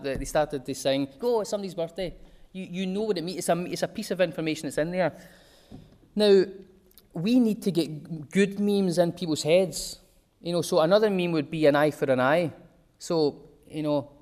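Man, fairly high voice, relaxed rambling presenter with everyday examples. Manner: chatty and digressive, with homely examples. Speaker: speaker giving a talk. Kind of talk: informal talk to a small group.

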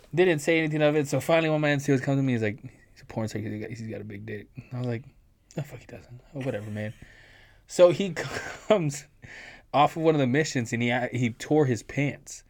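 A man's voice: medium pitch, fairly quick, a little mellow. A man co-hosting a podcast, telling profane stories in a laid-back, casual way. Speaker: podcast co-host. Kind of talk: casual storytelling.

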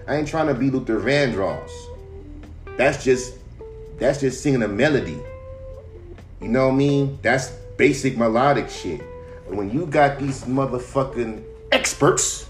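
A man ranting casually on a podcast, emphatic and full of profanity. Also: medium pitch. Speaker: podcast host.

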